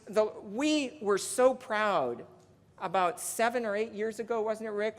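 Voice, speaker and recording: A union legislative presenter giving a chatty conference speech, reading out donor names and counting down. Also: medium pitch. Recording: long reverb of a large hall.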